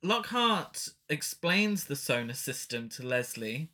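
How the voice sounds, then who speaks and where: Lively bright-voiced man. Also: on the high side, takes it slowly. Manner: rambling, laughing, jokey asides. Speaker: podcast co-host. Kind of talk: casual film review chat.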